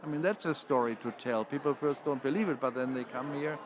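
A man's voice: mid-range voice, quick pace, background noise. A man, speaking as a panel guest and often restarting his phrases. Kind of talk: panel discussion.

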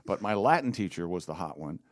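Lively, wry man telling stories. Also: sits low, brisk. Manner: wry storyteller, animated and self-mocking. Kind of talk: casual chat.

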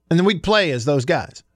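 A man's voice: a little high, no echo. Southern radio guy in his 40s, talks sports like he's chatting with friends, dry studio mic. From Alabama. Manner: chatty storyteller, laughs often. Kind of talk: casual sports radio talk.

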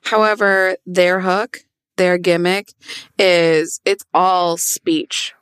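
A woman co-hosting a tabletop game podcast in casual chat, animated and joking, swearing freely. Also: on the low side, very slow, clear, resonant tone, dry recording. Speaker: podcast player and co-host.

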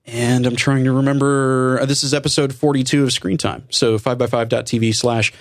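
A man hosting a casual podcast chat, talkative and relaxed, with wry asides. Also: mid-range voice, fairly quick, dry recording, clean studio sound. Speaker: podcast host.

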